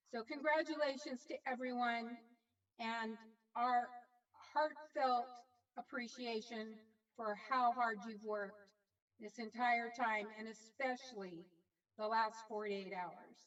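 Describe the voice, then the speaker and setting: A woman organizer giving a measured, grateful update to volunteers on a video call. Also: on the high side, a bit bright, distant mic, highs cut off. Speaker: campaign organizer.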